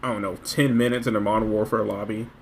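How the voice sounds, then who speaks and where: A man's voice: on the low side, quick pace, slight background noise. A man reacting to a video clip with sarcastic, exclamatory commentary. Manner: mocking, exclamatory, animated.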